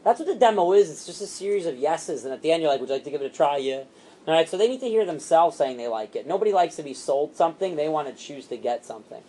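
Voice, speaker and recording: A man training a sales team, animated and repetitive, acting out what to say to customers. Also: fairly high pitch, husky. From Italian heritage. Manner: animated, fast and repetitive, acts out customer lines.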